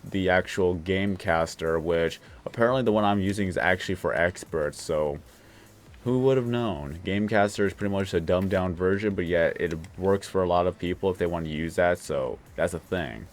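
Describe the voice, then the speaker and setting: A man hosting a casual late-night livestream, talking in a relaxed, rambling way. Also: low voice, moderate pace. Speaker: livestream host.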